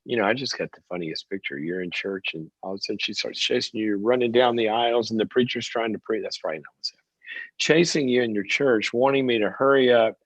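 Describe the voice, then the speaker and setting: Middle-aged male advice host, lively storyteller, husky voice, dull dry recording. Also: lowish voice, no echo. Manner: animated storytelling, acts out quoted voices. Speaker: talk show host and psychologist. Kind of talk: call-in advice show talk. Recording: dull dry close mic.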